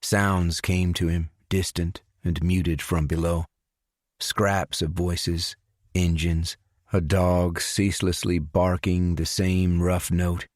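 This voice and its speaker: A man narrates a suspense audiobook in a very low, deep voice. He reads slowly and with care, giving each character a voice. The recording is dry and close, with no room sound. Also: flat delivery, a little mellow, dry recording. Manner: measured, unhurried reading with voiced dialogue. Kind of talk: scripted narration.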